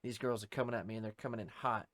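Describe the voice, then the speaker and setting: A young man co-hosting a podcast, telling a rowdy story in casual talk, swearing heavily and shouting out the lines of people in it. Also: lowish voice, steady tone, very fast, no room sound. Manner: heavy swearing, acts out shouted quotes. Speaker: podcast co-host.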